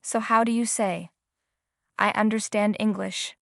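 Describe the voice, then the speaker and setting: A woman calmly asks lesson questions and explains a rule in an even, instructional manner. Her voice sits in a middle range, and the sound is dry, with no reverb. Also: medium pitch, measured pace, vocal fry. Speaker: language teacher. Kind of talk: scripted lesson prompts and explanation.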